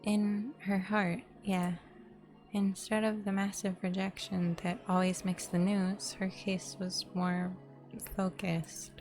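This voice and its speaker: A woman voicing a gentle, hushed woman boss grieving her sister in a story game. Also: medium pitch, level tone, slow pace, soft background music. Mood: reminiscing.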